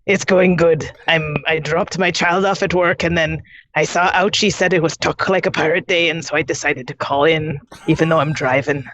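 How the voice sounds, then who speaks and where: A woman's voice: low-pitched, steady tone, normal speed, a bit bright. A woman from Canada calling into a live stream, joking playfully while driving. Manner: playful, slips into a pirate voice. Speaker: caller on the stream. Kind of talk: casual call-in chat.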